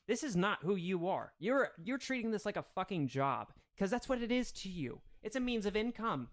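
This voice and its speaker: Hosting a livestream at a normal speed, a man with a high, very animated voice goes off on a profane, confrontational rant.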